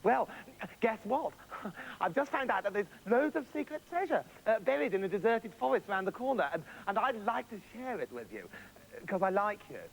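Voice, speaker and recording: A man's voice: high-pitched, sing-song, moderate pace, gravelly, exaggerated voice, poor audio. A man voicing a scheming, jealous brother who stammers and wheedles. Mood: wheedling.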